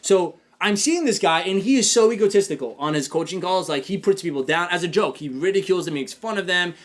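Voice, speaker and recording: A man hosts a casual business podcast at a quick clip, his voice sitting a little high for a man. He is energetic and speaks straight to his listeners. He slips into short acted-out snippets of his own thoughts. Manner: energetic, talks to listeners directly with frequent "man" and "check this out"; acts out his own inner dialogue in quoted asides. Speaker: podcast host and business coach.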